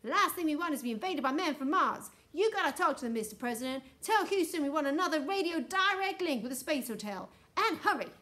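A woman voicing a fearsome, bossy old nanny who speaks in a sharp, commanding way. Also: high-pitched, lively intonation, fast, few pauses, voice pushed up.

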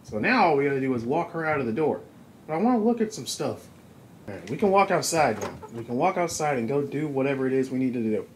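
A man's voice: mid-range voice, sing-song, fast talker, a little hiss or hum, poor audio. A man hosting a video game playthrough, chatting along and reading the on-screen text aloud. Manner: chatty, reads on-screen text aloud, comments on small details. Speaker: gaming channel host. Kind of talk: let's play commentary.

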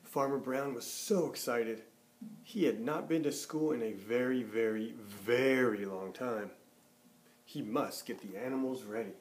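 Expressive man reading a picture book. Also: a little slow. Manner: expressive, drops low and soft on sentence ends. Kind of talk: storybook read-aloud.

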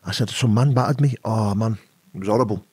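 Fast and casual, a British man with an eleven-year-old son rambles through a personal story as a podcast guest, frequently asking "you know what I mean." His voice sits on the low side, darkish and breathy-edged. The recording is dry and studio quality.

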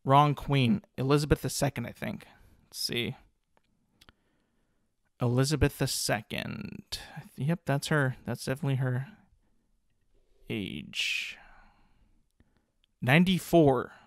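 A man's voice: medium pitch, takes it slowly, pauses often, dry recording, clean studio sound. A man hosting a casual solo podcast, rambling with lots of "like" fillers, restarts and casual swearing. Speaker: podcast host.

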